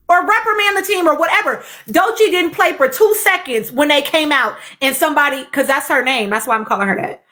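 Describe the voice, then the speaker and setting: A woman's voice: sits high, sharp tone. Blunt, swearing woman podcaster. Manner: blunt, repeats herself, swears, addresses viewers as y'all. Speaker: podcast host. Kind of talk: casual opinion chat with live audience.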